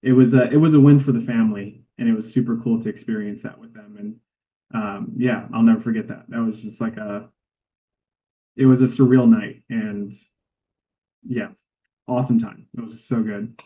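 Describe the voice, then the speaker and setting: A man's voice: medium pitch, steady tone, normal speed. A man, a cinematographer guest, telling a heartfelt story in a casual interview. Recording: tinny phone-like line.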